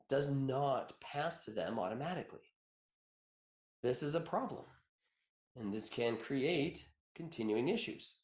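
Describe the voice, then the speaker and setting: A man in his thirties, an attorney, hosts a conversational webinar, chatty and joking as he tells personal stories and laughs often. His voice is medium-pitched, and the recording has a roomy sound.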